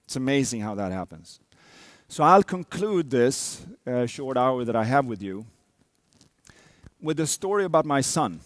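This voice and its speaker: A man's voice: medium pitch, no room sound. A man in his thirties, a coach, telling a personal story to an audience, acting out sounds and quotes. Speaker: speaker, coach.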